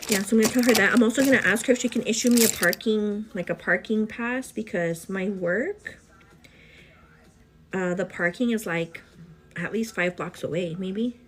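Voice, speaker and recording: A pregnant young woman chatting casually to her viewers while getting ready at home, animated and full of fillers. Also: mid-range voice, normal speed, a little hiss or hum. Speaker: vlogger. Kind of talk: casual get-ready-with-me chat.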